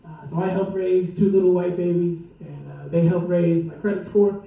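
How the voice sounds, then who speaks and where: High-voiced comedian in an echoey club. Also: male voice, level tone, moderate pace, recorded from a distance, narrow, tinny audio. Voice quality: profane, rambling, laughs at his own lines. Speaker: stand-up comedian. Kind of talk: stand-up comedy set.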